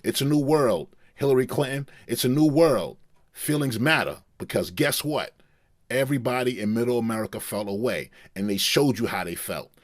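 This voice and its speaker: A man imitating an impassioned male rapper, delivering a loud, emphatic, preachy stage rant in a voice raised well above his own. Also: medium pitch, expressive, normal speed, no room sound, studio quality, pitched above the performer's own voice, lightly acted. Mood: fired-up ranting.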